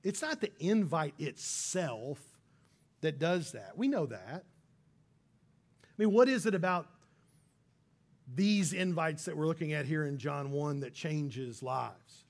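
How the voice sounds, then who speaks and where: A pastor giving a relaxed, conversational sermon in a fairly high voice for a man. He keeps it casual and animated and acts out the people he quotes in quick little voices.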